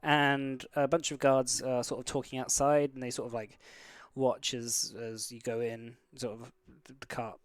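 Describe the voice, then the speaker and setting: A man's voice: mid-range voice, level tone, normal speed, few pauses, smooth, no echo. A man narrating a tabletop game as game master, wandering through fillers and restarts. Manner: rambling, full of fillers and restarts.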